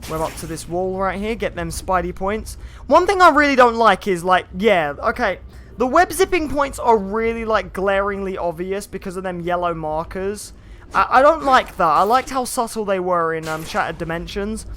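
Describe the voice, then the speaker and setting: Excitable high-voiced young male streamer. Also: moderate pace, slight background noise. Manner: chatty and excitable, lots of "like" fillers. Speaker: game streamer. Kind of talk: live gameplay commentary. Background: faint game music.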